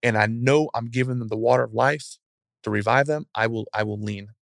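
A man giving a casual motivational talk as a guest speaker, acting out scenes in an animated, storytelling way. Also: medium pitch, a little fast, vocal fry, no room sound, studio quality.

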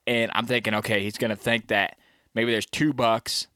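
A man telling a hunting story in casual slang, animated, often adding "you know what I mean" and acting out the deer's thoughts. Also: lowish voice, moderate pace, dry recording, studio quality. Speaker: bowhunter recounting a hunt. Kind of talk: casual chat.

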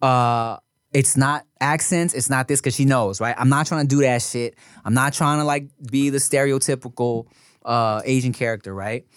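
A man's voice: medium pitch, normal speed, clear, resonant tone, no echo, clean studio sound. An American man in his thirties co-hosting a podcast, talking in a loose, profane way and laughing often. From United States. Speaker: podcast co-host. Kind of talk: casual chat.

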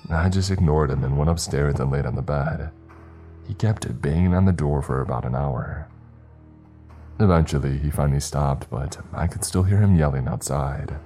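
Deep dark-voiced man narrating horror. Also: moderate pace. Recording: faint music underneath.

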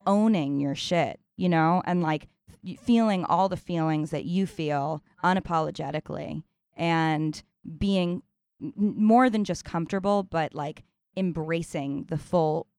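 Thoughtful woman with a smooth, low voice. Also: unhurried, darkish tone, dry recording, studio quality. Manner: reflective, searching for words. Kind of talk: casual conversation.

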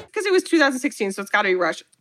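A woman co-hosting a casual chat, recapping a film with animated storytelling and acted-out quotes. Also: mid-range voice, very fast, very noisy. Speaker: podcast co-host recapping a film.

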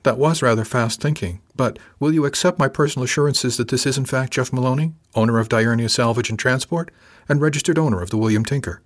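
A man's voice: medium pitch, quick pace, natural voice. A man voicing a gracious, self-assured female shipping executive in an audiobook. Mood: amused. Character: female cargo ship executive, gracious and poised.

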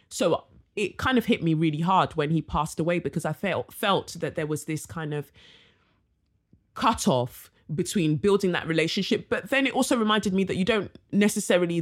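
A young woman from Nigeria hosting a casual solo podcast, chatty and warm, full of slang and fillers. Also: on the low side. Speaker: podcast host.

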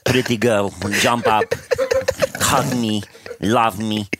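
A man's voice: fairly low pitch, steady tone, slow pace, very noisy. A man putting on a Russian hockey player. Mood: boastful. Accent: put-on Russian. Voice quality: choppy broken phrasing. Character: young male hockey player, broken boastful English.

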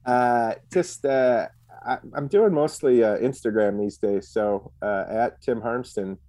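Slow, hesitant man. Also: medium pitch, mellow, no room sound. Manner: hesitant, halting with fillers. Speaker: podcast guest, comedian. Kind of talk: casual comedy podcast chat.

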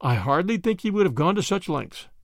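A man voicing a quiet, kindly stranger on a train who speaks calmly. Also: high voice, brisk, no echo, studio quality. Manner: quiet, calm.

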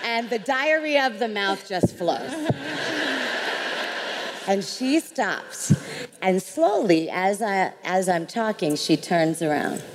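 An animated woman spins a story for a live audience, her pitch leaping all over the place as she laughs through it. Her voice rings out in a big hall with a long echo and a faint hiss underneath. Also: takes it slowly, pauses often. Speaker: panelist, makeup artist and founder. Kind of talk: lively anecdote on a live panel. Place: large event hall with audience. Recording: echoey hall, light background noise.

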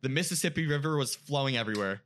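A man's voice: medium pitch, lively intonation, very fast, fairly bright tone. A young man, a podcast guest, telling an emotional personal story in casual chat, full of filler words.

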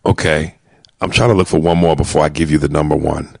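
Deep and rumbling with a creaky edge, this man talks fast. A stand-up comic co-hosting a podcast, he keeps the chat casual and animated, cursing freely and doing impressions of people in his stories.

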